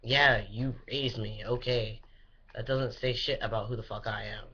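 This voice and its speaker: A man's voice: mid-range voice, steady tone, normal speed, bright, forceful tone, breathy edge. A young man giving a casual, rambling personal update, full of fillers and restarts and swearing freely. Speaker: vlogger. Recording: dull lo-fi recording.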